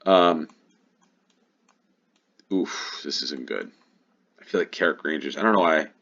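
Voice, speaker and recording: A man's voice: extremely low pitch, lively intonation, measured pace, fairly bright tone, highs cut off. An American man giving casual play-along commentary on a game, musing aloud and thinking to himself. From United States. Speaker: gaming YouTuber.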